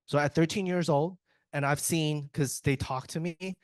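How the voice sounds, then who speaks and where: A man's voice: on the high side, fairly even intonation, normal speed, no room sound. A man in IT giving a casual, joking conference presentation, chatty and often breaking off mid-sentence to restart. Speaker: IT speaker at a tech summit.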